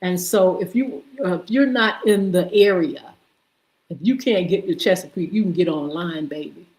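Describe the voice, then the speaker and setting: A woman hosting a live morning stream, slowly reading out and greeting viewers by name, sounding out names as she goes. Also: on the low side, a little mellow, rough recording. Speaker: host. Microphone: streaming setup.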